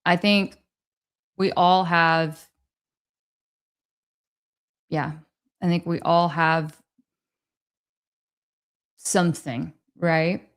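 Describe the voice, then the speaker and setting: Woman, livestream host, slow, hesitant. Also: on the low side, little pitch movement, clear, resonant tone. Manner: rambling, hesitant, with many restarts. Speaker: livestream host reading chat. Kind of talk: casual livestream chat.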